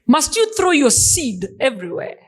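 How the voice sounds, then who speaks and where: A woman's voice: high-pitched, very animated, moderate pace. A woman pastor, preaching an emphatic sermon that mixes English and Swahili.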